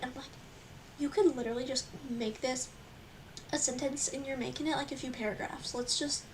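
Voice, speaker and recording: A woman's voice: high-pitched, fairly even intonation, fast, far from the mic. A young woman in casual chat, teasing and giggly. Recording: faint background noise.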